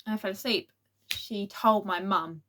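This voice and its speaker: A woman's voice: mid-range voice, unhurried, a bit bright. Chatty teenage girl vlogging. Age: teens. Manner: chatty and rambling, with restarts and acted quotes. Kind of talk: casual storytime vlog.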